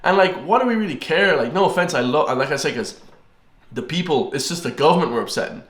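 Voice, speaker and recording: A man's voice: on the high side, expressive, quick pace, fairly bright tone, reverberant. A young Irish man hosting a reaction video, ranting heatedly with lots of fillers and repeated words. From Ireland. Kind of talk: casual ranting commentary.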